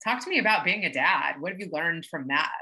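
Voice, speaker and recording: A woman's voice: fairly low pitch, animated, fast talker, sharp tone. A woman hosting a podcast, affirming her guest and asking open questions. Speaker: podcast host. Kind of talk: interviewing.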